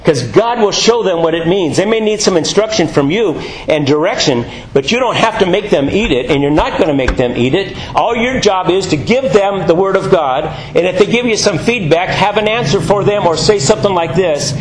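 A man's voice: high-pitched, brisk, few pauses, roomy sound, low-quality recording. A man preaching a sermon, telling jokey stories and acting out voices. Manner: animated, jokey storytelling with acted-out voices.

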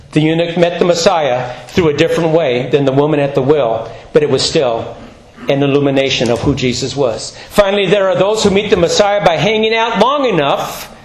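A pastor delivers a sermon with animated, rising emphasis and quieter, lower stretches. His voice sits a bit high for a man, and the room around him rings with echo.

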